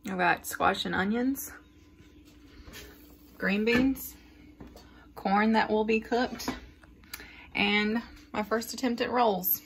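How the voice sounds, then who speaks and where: A woman's voice: mid-range voice, fairly bright tone, a little hiss or hum. A middle-aged woman, chatting upbeat in a casual farm vlog. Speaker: vlogger, farm wife.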